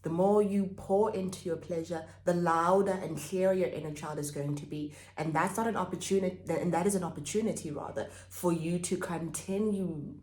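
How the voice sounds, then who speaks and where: A woman's voice: fairly low pitch, fairly even intonation, moderate pace, hardly any pauses, darkish tone. A woman coach giving a reflective self-help vlog talk, repeating and stressing key phrases. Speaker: pleasure and spirituality coach. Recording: echoey room.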